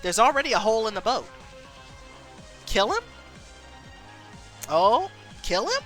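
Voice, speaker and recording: A woman's voice: fairly high pitch, very animated, measured pace, a bit bright, soft background music. A woman streamer reading an interactive story game aloud, taking viewer votes and exclaiming often.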